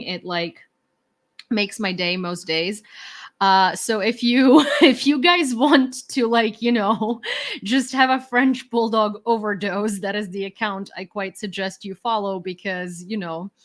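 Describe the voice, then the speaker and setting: A woman from Ukraine hosts a relaxed livestream, chatting to her viewers from home. She talks in a rambling, ironic way, full of fillers and restarts. Her voice sits at an ordinary middle pitch for a woman. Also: a little slow. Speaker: livestream host. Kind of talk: casual livestream chat with viewers.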